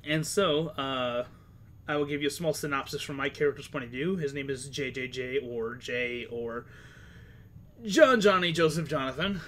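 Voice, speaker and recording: A man's voice: medium pitch, normal speed, fairly bright tone, a little hiss or hum. A man with a slightly sore throat chatting casually and rambling as the game master of an online tabletop game, swearing now and then. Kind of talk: casual game stream chat.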